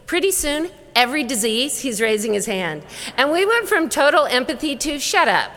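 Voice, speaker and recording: A woman's voice: high voice, normal speed. Middle-aged woman telling stories in an echoing hall. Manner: lively storyteller who acts out dialogue. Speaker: conference speaker and wellness educator. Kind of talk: storytelling keynote talk. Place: large conference hall. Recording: long reverb of a large hall.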